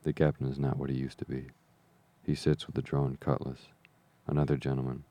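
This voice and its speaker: A man's voice: a bass voice, monotone, fairly quick, dark tone. A man voicing a frightened young innkeeper's boy who pleads politely and nervously. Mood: pleading.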